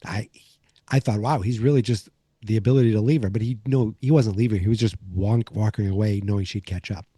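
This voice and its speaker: A man with a low, very dark and mellow voice talks through an episode recap as a podcast host. He rambles, with plenty of "um"s and restarts. The sound is dry and close, with no room echo. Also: a little fast, breathy edge. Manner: rambling, many fillers and restarts.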